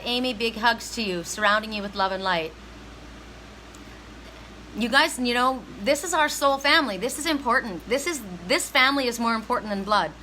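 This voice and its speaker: A woman's voice: on the high side, bright, forceful tone, a little hiss or hum, low-quality recording. A middle-aged woman giving a heartfelt, emphatic spiritual reading to viewers on a live stream. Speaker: psychic reader.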